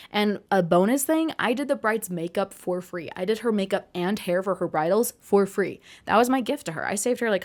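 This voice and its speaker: A young woman in her twenties telling a personal story in a casual vlog, chatty and rambling, with asides and self-corrections. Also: mid-range voice. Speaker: vlogger.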